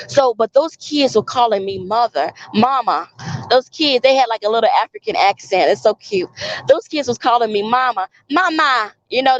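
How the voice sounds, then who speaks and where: A woman's voice: fairly high pitch, a little hiss or hum. Earnest woman vlogger, lo-fi sound. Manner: earnest, repeats phrases for emphasis; preachy, cites scripture. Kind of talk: casual spoken monologue.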